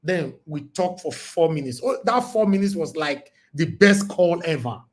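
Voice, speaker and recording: A Nigerian man hosting a livestream call-in show, talking in an emphatic, preachy way and repeating himself, his voice going hoarse. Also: on the high side, expressive, normal speed. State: losing his voice. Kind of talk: casual livestream talk with call-ins.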